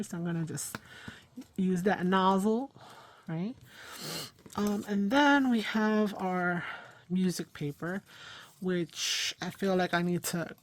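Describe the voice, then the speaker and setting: A woman hosts a casual crafting livestream. She thinks aloud as she works, fills pauses with ums and you-knows, and laughs at herself. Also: mid-range voice. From New York, USA. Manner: chatty, thinks aloud while working, frequent fillers; self-deprecating, laughs at herself. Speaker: craft channel host.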